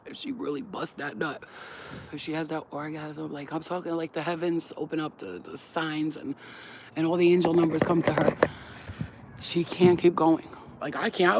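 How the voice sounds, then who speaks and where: A woman talking straight to her phone camera, frank and lively, breaking into laughter and playful sound effects as she goes. The audio is slightly dull and lo-fi, with a faint hiss behind her voice. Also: sits low, moderate pace. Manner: frank, animated, laughing often, acting things out with sounds. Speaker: vlogger. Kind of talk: casual to-camera chat. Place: at home while cooking.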